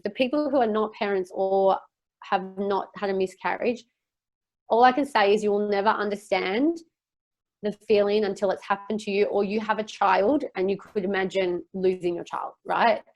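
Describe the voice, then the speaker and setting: A woman's voice: medium pitch, a little fast. A young woman talking as a podcast guest, telling a personal story openly and emotionally, rambling with many fillers.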